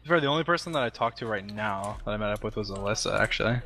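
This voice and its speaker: A young man chatting casually as a guest, telling old stories in a halting, hesitant way. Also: lowish voice, expressive, bright, forceful tone. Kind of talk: casual chat.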